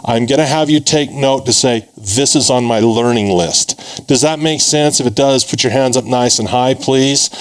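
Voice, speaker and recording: A man leading a live investing class for a large audience, energetic and emphatic, with a motivational push. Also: mid-range voice, moderate pace, rough recording. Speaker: investing instructor. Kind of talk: live seminar teaching.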